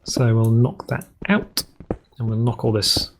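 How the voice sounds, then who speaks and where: A man's voice: mid-range voice, lively intonation, a little slow, a little hiss or hum. A man with a rambling, jokey, self-correcting manner, giving casual commentary as he plays a game. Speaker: let's play host.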